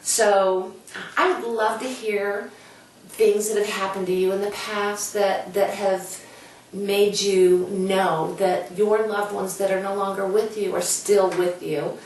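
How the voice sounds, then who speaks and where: A woman's voice: mid-range voice, fairly even intonation, slow, a little mellow. A woman author telling a personal story in an earnest, heartfelt way, talking casually to the camera. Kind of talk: casual guest talk to camera. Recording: very echoey room, voice from a distance.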